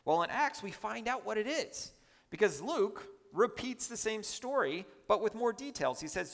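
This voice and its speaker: A man's voice: high voice, very animated, moderate pace, gravelly, fairly bright tone, in a large hall. A man preaching a sermon in a church, emphatic and chatty, with asides to the congregation.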